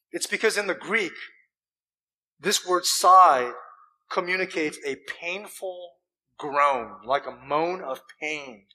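Male pastor, sermon delivery, high bright voice, emphatic with deliberate pauses. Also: husky, low-quality recording. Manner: animated, emphatic preaching with rhetorical questions; deliberate pauses and repeated words.

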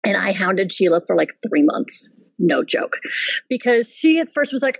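A woman, a henna artist and business owner, telling a story in casual chat, animated, laughing and swearing freely. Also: medium pitch, normal speed, no room sound, poor audio. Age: adult with a child.

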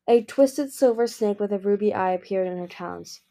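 A woman's voice: medium pitch, fairly quick, warm tone. A woman reading a fantasy novel aloud, voicing the characters' dialogue. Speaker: audiobook reader.

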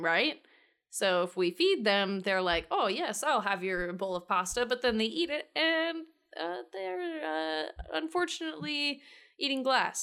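A woman's voice: medium pitch, bright, forceful tone, smooth. A woman voicing an imaginative, upbeat young woman who rambles with playful jokes.

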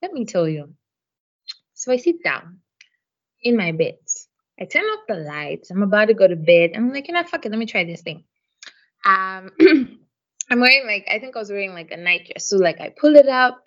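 A woman's voice: medium pitch, sing-song, moderate pace, fairly bright tone, highs cut off. A woman co-hosting a podcast, telling a story in casual chat. She talks frankly, swears often and fills her sentences with "like" and "um". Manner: frank, profane storytelling full of "like" and "um". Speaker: podcast co-host.

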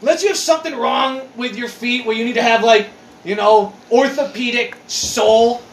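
A man's voice: extremely high pitch, moderate pace, a little hiss or hum. A man in his forties in casual chat, ranting with lots of swearing and exasperation. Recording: echoey room.

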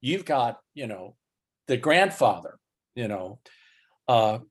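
A man being interviewed as a guest, telling a long personal story slowly, with many fillers and restarts. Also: medium pitch, big pitch swings, breathy edge. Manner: slow, halting delivery with many fillers.

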